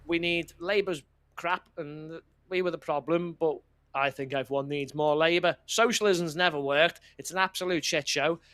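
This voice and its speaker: A man's voice: a little high, moderate pace, sharp tone, smooth. Blunt sweary man in casual chat. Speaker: podcast co-host.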